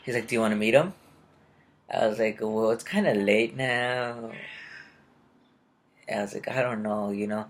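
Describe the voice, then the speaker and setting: A man's voice: fairly low pitch, normal speed, long pauses, slight background noise. A young man casually telling a rambling personal story and acting out the people he met. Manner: rambling, confused, retells conversations in quotes. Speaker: vlogger.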